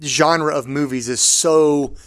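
A man's voice: fairly high pitch, fairly even intonation, slow pace, fairly bright tone. A middle-aged man co-hosting a podcast in casual chat. He talks emphatically, jokes and acts out the people he quotes. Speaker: podcast co-host.

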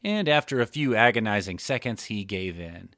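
A man narrating an adult fiction story in a measured storytelling manner. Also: on the low side, animated, fairly bright tone, no room sound, clean studio sound.

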